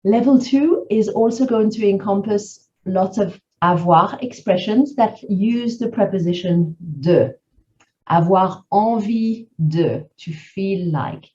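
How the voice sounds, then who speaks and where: A woman gives a grammar lesson at an unhurried, deliberate pace, with a low, mellow voice. She explains step by step and sets French example phrases between her English. The sound is a little dull and lo-fi. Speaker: French teacher.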